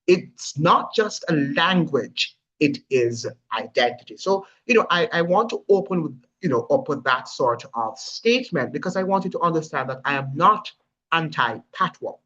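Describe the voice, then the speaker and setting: Male commentator, lecturing tone, slightly raised pitch, dull lo-fi sound. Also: expressive, moderate pace, a bit bright. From Jamaica. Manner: emphatic, lecturing, rhetorical questions. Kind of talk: opinion commentary. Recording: husky voice, dull lo-fi audio.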